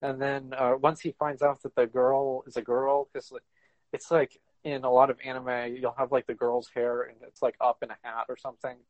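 A man's voice: medium pitch, level tone, moderate pace, darkish tone, no echo, lo-fi sound. Rambling man chatting on a podcast. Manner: rambling, many fillers and laughs. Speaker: podcast co-host. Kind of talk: casual chat.

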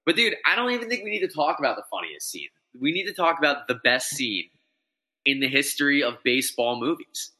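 A man talking sports on a podcast, with a strikingly bright, sharp tone. He rambles with excitement, restarting sentences as his thoughts run ahead. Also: fairly high pitch, fairly quick. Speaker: podcast co-host. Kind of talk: casual sports chat.

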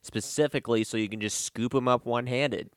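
A man in casual chat, making wry deadpan jokes. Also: mid-range voice, fairly quick, no echo, studio quality.

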